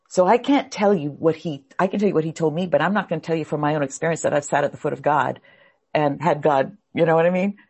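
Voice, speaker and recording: Brief: woman teaching a class, sincere and searching, rough grainy voice with a breathy edge. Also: fairly low pitch, a little mellow. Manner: earnest, heartfelt, searching. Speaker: spiritual teacher.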